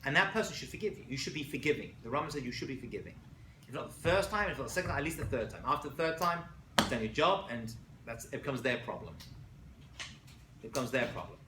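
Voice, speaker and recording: A man teaching a lively class as a rabbi, telling stories with acted-out quotes and checking in with frequent asides. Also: medium pitch, fast talker. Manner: animated storytelling with acted quotes, many "right?" asides. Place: college classroom. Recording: echoey room, faint noise.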